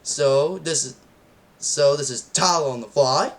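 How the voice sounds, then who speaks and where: A young man hosting a casual film review vlog, rambling excitedly with many restarts and "and then". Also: a little high, measured pace. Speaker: channel host reviewing a film.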